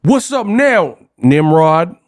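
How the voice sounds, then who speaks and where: A man's voice: a little high, sing-song, slow pace. A man putting on the voice of a tough gangster from a censored TV movie, mocking with goofy clean insults.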